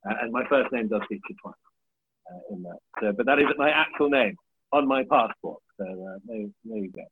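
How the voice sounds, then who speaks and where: A man's voice: fairly low pitch, brisk, slightly rough, no echo. A man in his thirties, a comedian chatting as a podcast guest, joking about himself and swearing freely. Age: 30s. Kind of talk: casual chat. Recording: tinny phone-like line with faint hiss.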